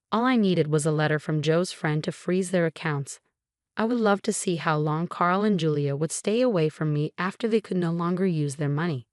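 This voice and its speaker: A woman narrating a first-person story in a steady, matter-of-fact way. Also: lowish voice, no room sound, clean studio sound.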